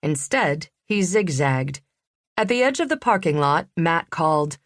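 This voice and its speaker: A woman narrating a suspense audiobook in a measured, even reading. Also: low voice, no room sound, clean studio sound. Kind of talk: scripted narration.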